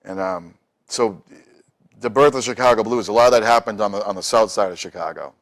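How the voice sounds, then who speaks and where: A middle-aged man tells stories in a relaxed, chatty way. His voice sits a little low, and he slips into the voices of the people he talks about. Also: brisk. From Boston. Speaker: musician guest. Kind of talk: casual storytelling.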